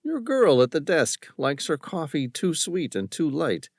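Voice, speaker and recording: A cocky young Southern lawyer, as a male narrator plays him, drawling with smug charm. His raised voice swings widely in pitch, and the recording is close and dry. He talks like a man who knows he holds the cards. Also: sing-song, measured pace, no room sound, exaggerated voice. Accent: American Southern. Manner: cocky, smooth-talking.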